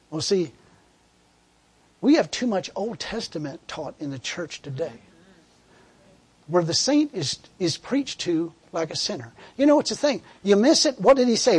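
A man's voice: high-pitched, big pitch swings, normal speed, darkish tone, breathy edge. A man preaching a sermon in a fervent, conversational way, repeating words and laughing as he tells a story.

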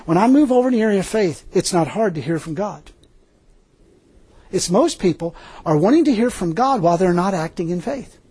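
Man, older, preacher, informal sermon, high voice, husky, animated, laughing. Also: a little fast.

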